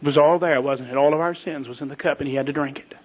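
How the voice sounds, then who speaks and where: A middle-aged man preaching a sermon in a folksy, emphatic way, swinging between loud and hushed delivery. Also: on the high side, steady tone, fast talker, slightly rough. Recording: tinny lo-fi phone-like audio.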